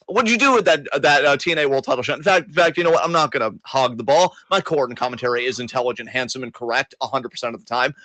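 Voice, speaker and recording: A man's voice: on the high side, lively intonation, fast, fairly bright tone, dry recording, poor audio. Ranting, foul-mouthed man, dry sound. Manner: exasperated, sarcastic, swears a lot. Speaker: wrestling podcast co-host. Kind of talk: casual profane wrestling rant.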